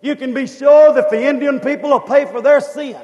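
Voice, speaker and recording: A man preaching a fervent revival sermon, repeating phrases and building up to shouted questions. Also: very high-pitched, fairly even intonation, moderate pace, muffled recording, a crowd in the background. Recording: long hall reverb.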